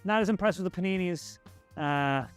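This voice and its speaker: A man's voice: high-pitched, normal speed, smooth, soft background music. A man in a casual food review, enthusiastic and offhand in his comments. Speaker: food show co-host.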